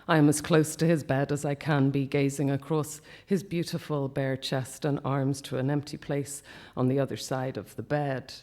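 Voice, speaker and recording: A man reading a personal account aloud at a festival talk, quiet and measured, often dropping to a hush. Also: fairly high pitch. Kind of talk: reading a memoir piece aloud.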